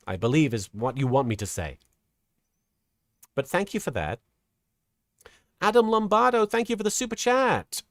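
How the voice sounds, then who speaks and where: A middle-aged woman streamer chatting casually while reading super chats, earnest and halting, with a softened feminine voice. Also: low-pitched, sing-song, no room sound, clean studio sound. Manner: earnest, halting with many restarts; voice softened toward a feminine sound. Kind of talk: casual livestream chat.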